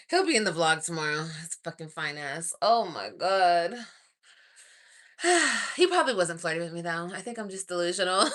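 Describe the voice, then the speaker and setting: Young woman, vlogger, gossipy casual chat, bright voice, lively swooping pitch, swears, laughs. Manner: gossipy, animated, swears, laughs and sighs a lot. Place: home at night.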